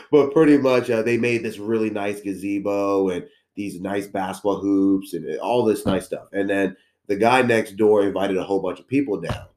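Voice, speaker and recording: A man's voice: lowish voice, fairly even intonation, moderate pace, a little mellow. Laid-back young man in an echoey room. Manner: laid-back, laughs often, crude slang. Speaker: podcast co-host. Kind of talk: casual chat among friends.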